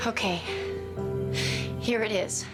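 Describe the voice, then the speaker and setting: A woman's voice: mid-range voice, slow, natural voice. Actress as a desperate young woman begging her lover, TV drama, raw and earnest, scored music under the line. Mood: pleading. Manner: earnest, pleading, emotionally raw. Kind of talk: TV drama acting. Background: soft score music.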